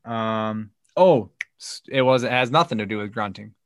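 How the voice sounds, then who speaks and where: A man hosting a podcast in a relaxed way, asking questions with easy chuckles. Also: on the low side, moderate pace, smooth, dry recording, studio quality. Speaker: podcast host. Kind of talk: casual podcast chat.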